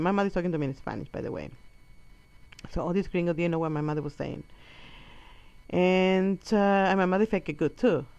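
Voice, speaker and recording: A woman from Colombia doing stand-up, telling a story in a profane, animated way and acting out the people in it. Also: lowish voice, clear, resonant tone. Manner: animated, profane, acts out quotes. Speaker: stand-up comedian. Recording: dull lo-fi recording.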